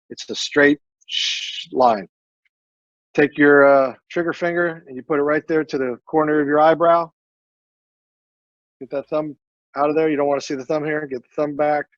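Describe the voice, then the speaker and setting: A veteran man in a casual interview, speaking earnestly and haltingly with many fillers and repeated words. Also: fairly high pitch, no room sound, dull audio. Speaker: military veteran guest.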